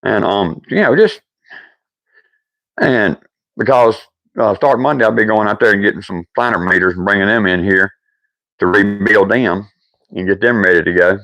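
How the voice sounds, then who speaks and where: An older man with a Deep South accent, hosting a livestream and chatting casually with viewers in a folksy, rambling way. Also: moderate pace, pauses often, pushed and bright, no echo. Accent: Deep South American. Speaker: livestream host.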